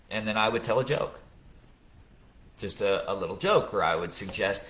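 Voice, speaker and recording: A man's voice: lowish voice, moderate pace, pushed and bright. A middle-aged man hosting a casual live podcast, thoughtfully explaining parenting ideas with examples and frequent restarts. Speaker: podcast host.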